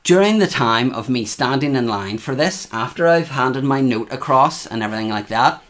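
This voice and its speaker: A man co-hosting a casual chat, telling animated stories and acting out quotes. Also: medium pitch, normal speed. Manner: animated storytelling, acts out quotes. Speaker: podcast co-host.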